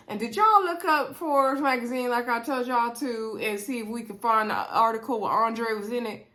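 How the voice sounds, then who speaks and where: A woman casually recapping a reality dating show, chatty and animated, quoting the cast and talking straight to her viewers. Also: on the high side, moderate pace. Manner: chatty, animated, retelling scenes with quoted voices; addresses viewers directly. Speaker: reality TV reviewer.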